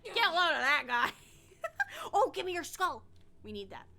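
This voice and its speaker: A woman's voice: high-pitched, sing-song, moderate pace, sharp tone. A young woman streaming a game, chatting casually with viewers, swearing and laughing often. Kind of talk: casual gaming stream chat.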